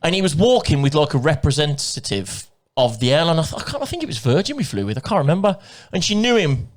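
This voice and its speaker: A man's voice: on the high side, big pitch swings, fast talker. A man from England, co-hosting a podcast and telling a long, rambling story full of swearing and quoted dialogue. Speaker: podcast co-host. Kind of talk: casual storytelling chat.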